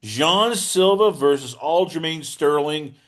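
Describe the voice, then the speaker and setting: A man hosting a casual podcast chat, animated and teasing, with big swings in pitch and loudness as he jokes. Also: slow. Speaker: podcast host.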